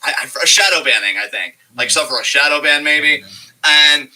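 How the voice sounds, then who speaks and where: Excitable bright-voiced man rambling. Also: fairly high pitch, normal speed, poor audio. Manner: excitable, rambling, laughs often, swears freely. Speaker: podcast co-host. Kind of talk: casual chat.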